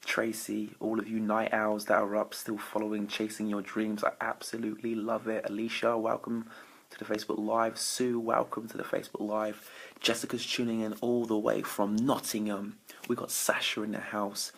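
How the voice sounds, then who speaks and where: Motivational speaker, male, gravelly husky low voice, energetic live-stream host greeting viewers. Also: normal speed. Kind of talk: late-night Facebook Live talk to viewers. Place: indoors at night. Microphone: phone or webcam for a live stream.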